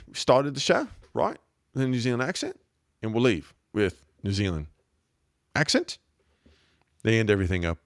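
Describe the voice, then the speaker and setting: A man's voice: mid-range voice, expressive, normal speed, long pauses, dry recording, studio quality. A man hosting a weekly question show, giving emphatic spiritual advice with jokey asides. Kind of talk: casual spiritual advice talk.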